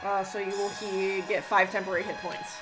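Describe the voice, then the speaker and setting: A woman's voice: mid-range voice, flat delivery, a little fast, over music, rough recording. A woman playing a tabletop game, talking casually with fillers. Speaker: player.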